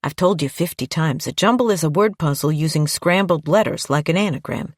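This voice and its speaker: A woman's voice: sits low, a little fast, dry recording, clean studio sound. A woman voicing a chatty, talkative female detective in an audiobook. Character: chatty female detective who loves puzzles.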